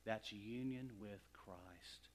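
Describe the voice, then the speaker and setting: Preaching in a fairly low-pitched voice, this male pastor alternates between rising, forceful peaks of volume and quiet, unhurried asides.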